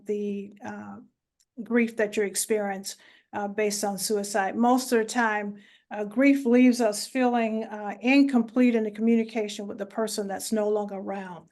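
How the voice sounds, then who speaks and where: A woman presenting a talk on grief in an online webinar, speaking in a measured way with many filler sounds. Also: medium pitch, darkish tone.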